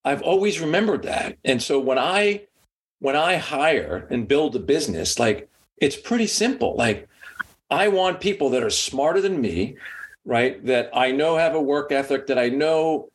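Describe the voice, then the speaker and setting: A man's voice: mid-range voice, a little slow. A middle-aged man, a sports media executive, telling a story in a casual interview and filling it with "like" and "you know". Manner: rambling, heavy on "like" and "you know", lively when quoting.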